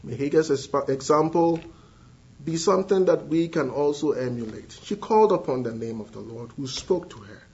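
A man preaching a sermon earnestly, moving between hushed lines and rising, emphatic appeals. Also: a little high, lively intonation, normal speed, breathy edge. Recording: dull lo-fi sound.

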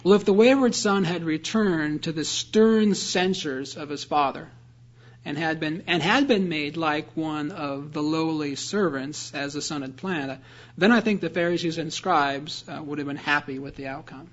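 A man's voice: fairly high pitch, moderate pace, muffled recording. A man preaching a sermon, explaining a scripture passage earnestly and reading verses aloud. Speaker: pastor.

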